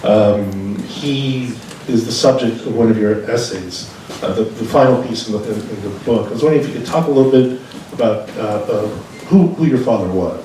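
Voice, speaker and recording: Halting male interviewer, echoey room. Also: lowish voice, warm tone. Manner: halting, searching questions full of fillers. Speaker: interviewer and managing editor. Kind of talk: live onstage interview. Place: bookstore event space. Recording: very echoey room, mic far off, faint noise.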